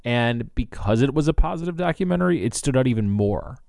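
A man's voice: medium pitch, lively intonation, fairly quick, gravelly, a little mellow, no echo, studio quality. Chatty, opinionated man. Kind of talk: casual chat.

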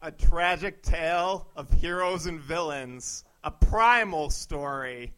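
A deadpan young bro who spins grandiose musings with total seriousness, as a man acts him out. He speaks very slowly in a high, bright voice. It plays as a dry improvised comedy caricature. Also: clear, resonant tone, poor audio. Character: deadpan pseudo-philosophical young male bro.

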